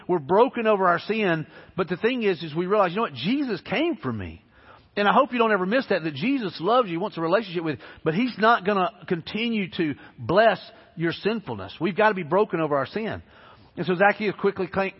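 Earnest preacher in a hall. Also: male voice, sits high, husky. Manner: earnest, conversational preaching with repeated restarts. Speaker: pastor. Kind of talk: sermon. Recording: lo-fi, long reverb of a large hall.

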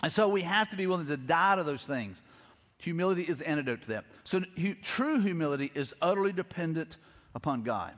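Fast-talking pastor in a big hall. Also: male voice, on the high side, expressive, a bit bright. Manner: storytelling, acts out quotes, frequent repeats. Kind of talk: conversational sermon.

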